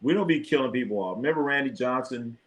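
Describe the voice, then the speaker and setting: Animated man hosting a sports livestream. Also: mid-range voice, quick pace. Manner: animated, jokey, reacts to chat. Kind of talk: casual live chat commentary.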